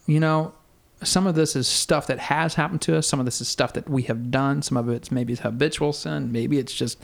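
Man, podcast guest, gravelly voice, earnest storytelling, middle pitch. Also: fairly even intonation, normal speed. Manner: earnest storytelling with fillers and restarts. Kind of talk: casual faith conversation.

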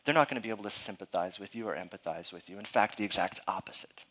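A man's voice: on the low side, fast talker, a bit bright. A male pastor giving a conversational sermon, earnest and emphatic, often checking in with his listeners and talking informally. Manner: informal, frequent fillers and restarts.

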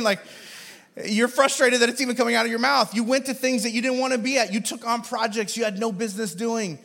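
A man's voice: extremely high pitch, fairly even intonation, quick pace, fairly bright tone. A man in his thirties giving a conversational sermon as pastor, joking and using filler words.

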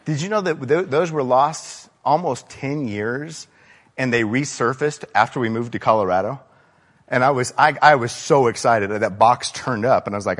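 A man's voice: medium pitch, moderate pace, fairly bright tone. Man preaching in an echoing hall. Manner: conversational, storytelling, with frequent rhetorical questions. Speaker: pastor. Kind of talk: sermon.

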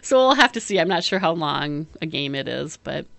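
A woman's voice: deep voice, sing-song, normal speed, creaky, a crowd in the background. A woman chatting casually as a podcast co-host, rambling with lots of fillers and frequent laughs. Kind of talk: casual chat.

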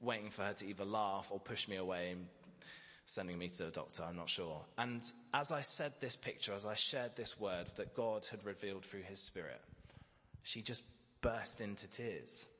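A man's voice: on the low side, moderate pace, pushed and bright. A man preaching a sermon, telling a candid, self-deprecating personal story. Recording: reverberant church hall.

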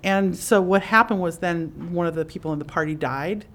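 A woman host explaining ideas casually to a live audience in a conference room. She talks in a chatty way and acts out inner voices with lively jumps in pitch. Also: brisk. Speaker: podcast host and psychic teacher.

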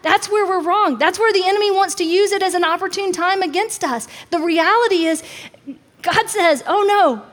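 A woman with a high, bright-pitched voice preaches a sermon in a casual, talking style. She acts out the quotes she tells, changing her voice for each speaker. Her words carry a long reverb from a large hall. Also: moderate pace.

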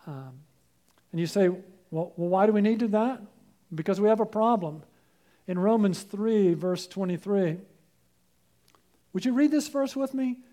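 An earnest male preacher with a high voice that still sounds dark and mellow. He pleads with the listener, drops to hushed appeals, then lifts his voice for emphasis. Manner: earnest, pleading, swings between soft and raised. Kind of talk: sermon.

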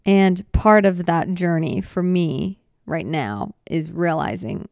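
A woman's voice: fairly low pitch, slow pace, creaky, a little mellow, no room sound, clean studio sound. A woman in her twenties hosting a solo podcast, talking in an earnest, rambling, heartfelt way, cutting herself off and restarting, tearful at times. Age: 20s. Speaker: podcast host. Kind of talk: casual solo podcast talk.

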